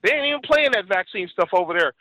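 A man's voice: high voice, expressive, fast talker, bright, forceful tone, no room sound, rough recording. A man in his forties telling a story in casual chat, rambling and acting out the voices of the people he quotes. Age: 40s.

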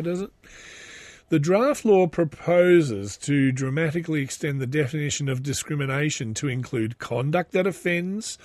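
A man's voice: on the high side, darkish tone, no room sound. A middle-aged man with an Australian accent hosting a podcast, telling stories in a rambling, chatty and sardonic way, with many asides. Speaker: podcast host. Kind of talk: casual monologue podcast.

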